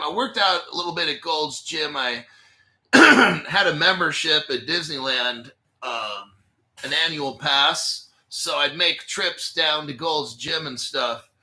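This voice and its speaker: Bright, swearing rambling man in his forties. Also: on the high side. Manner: profane, rambling, laughs between phrases. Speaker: crypto channel host. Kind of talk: casual rambling livestream storytelling.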